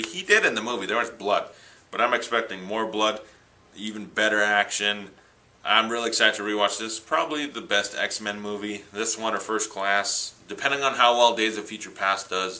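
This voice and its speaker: Man, casual vlog, enthusiastic rambling, bright tone, a bit low. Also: poor audio. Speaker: vlogger reviewing films. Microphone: handheld camera, self-recorded.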